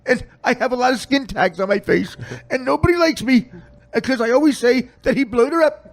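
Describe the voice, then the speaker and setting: A man voicing a rambling, drugged-out, grieving older grandmother from Florida with a rough, drawling Southern US accent that slips into bad grammar. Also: very high voice, a little fast, voice pushed up. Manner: repetitive, rambling.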